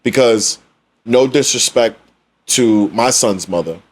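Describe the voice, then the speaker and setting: A man's voice: mid-range voice, slow pace, slightly rough. A man co-hosting a podcast in casual discussion, emphatic and repetitive for effect. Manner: emphatic, preachy, repeats phrases for effect. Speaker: podcast co-host.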